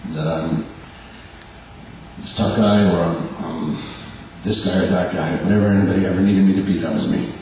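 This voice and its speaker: A man in his forties giving a halting, self-deprecating personal testimony to a church congregation. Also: low-pitched, fairly even intonation, a little mellow. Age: 40s. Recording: echoey hall from far off, faint hum.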